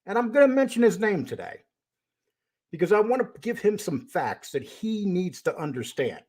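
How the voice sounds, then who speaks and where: A man's voice: sits high, very animated, normal speed, a little mellow, slightly rough. An older man hosting his own live stream, greeting viewers by name and speaking bluntly and argumentatively. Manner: greets viewers by name, then turns confrontational. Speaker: host of a live stream show. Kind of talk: casual live-stream talk.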